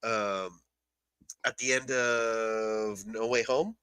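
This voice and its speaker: A man co-hosting a podcast in casual chat, explaining things with lively quoted asides. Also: lowish voice, very slow, clean tone, no echo. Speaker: podcast co-host.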